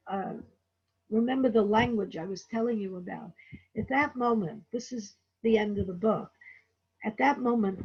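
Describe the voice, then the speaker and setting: A woman's voice: fairly high pitch, mellow, breathy edge, muffled recording. A woman giving a casual spoken book review, talking to the listener with digressive asides.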